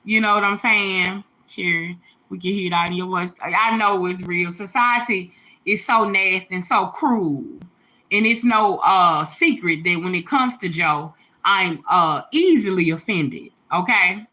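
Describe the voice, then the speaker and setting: With a sharp tone, a low-leaning voice and a measured pace, a mother addresses her livestream viewers casually and emphatically. She's direct and slangy, heartfelt, and there are some tears in her voice.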